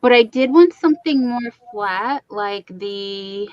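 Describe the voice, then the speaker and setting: A woman's voice: a little high, takes it slowly, darkish tone, highs cut off, slight background noise. A woman hosting a crochet livestream from her home, chatting casually and reading out viewer comments. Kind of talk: casual chat to a live audience.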